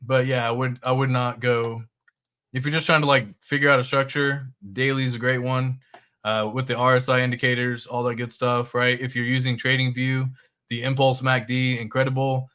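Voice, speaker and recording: A man's voice: medium pitch, flat delivery, moderate pace, a bit bright, clean tone. A man hosting a crypto livestream, talking loosely through charts and reading viewer chat, with the odd swear.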